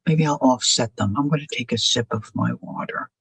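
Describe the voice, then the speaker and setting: On a crafting live stream, a woman with an extremely low, creaky, husky voice talks a little fast, working leisurely and thinking aloud in a chatty way while asking her audience questions. Her faint huskiness sits close and dry on the mic, with no echo, and the recording is low quality.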